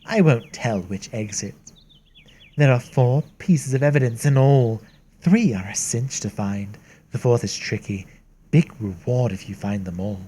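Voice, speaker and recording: A gameplay streamer voicing a sly cat who speaks in slow, teasing riddles. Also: mid-range voice, dark tone, slightly rough. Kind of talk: fan voicing of game lines.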